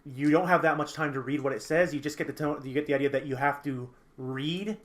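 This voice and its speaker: A man with a slightly high voice acts as game master for a tabletop game, explaining the rules in quick, halting bursts full of restarts.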